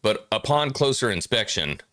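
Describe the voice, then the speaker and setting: A man co-hosting a casual show, hyped and animated as he banters. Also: lowish voice, normal speed, no room sound, studio quality. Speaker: co-host.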